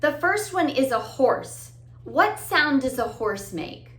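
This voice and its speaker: A woman's voice: high voice, sing-song, slow pace, a bit bright. A woman teaching a children's music lesson. She talks straight to the kids, encouraging, sing-song, and sometimes breaks into song and animal sounds. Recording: roomy echo.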